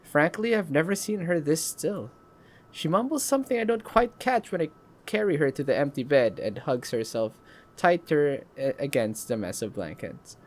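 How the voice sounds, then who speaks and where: A man's voice: on the high side, expressive, normal speed. A man hosting a let's play, reading a story game aloud and breaking off for joking comments.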